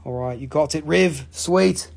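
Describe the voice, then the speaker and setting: A man with a somewhat higher, husky voice hosts a live sale, talking casually and teasing his viewers. He jokes and banters loosely as he moves from item to item. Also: measured pace. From Appalachian region of the United States. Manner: joking, playful, teasing. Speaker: host selling minerals on a livestream. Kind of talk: casual live sales chat.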